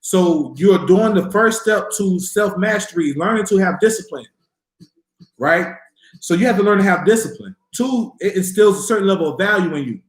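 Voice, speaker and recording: A man hosting a livestream, telling stories and answering viewer questions in a casual, profane, animated way. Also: high voice, normal speed, reverberant. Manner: profane, animated storytelling with voiced quotes.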